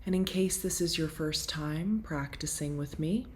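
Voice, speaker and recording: A woman leading a guided breathwork session, talking in a calm, gentle and reassuring way. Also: deep voice, measured pace, hardly any pauses, slight background noise. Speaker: breathwork instructor.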